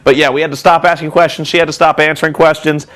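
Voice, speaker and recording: A man's voice: a little high, flat delivery, fast, fairly bright tone. A man hosting a vlog, telling a rambling, profane, self-mocking story. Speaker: vlog host and reviewer.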